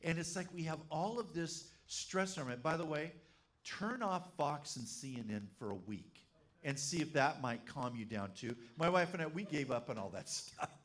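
A man preaching with a fairly high voice, spinning a comic tale into his sermon. He talks like an animated pastor who jokes with his flock before he makes his point. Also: normal speed. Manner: animated, humorous storyteller. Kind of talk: storytelling sermon.

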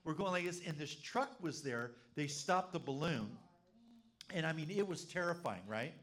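Animated storytelling pastor, fairly high voice. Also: male voice, moderate pace. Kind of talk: storytelling sermon.

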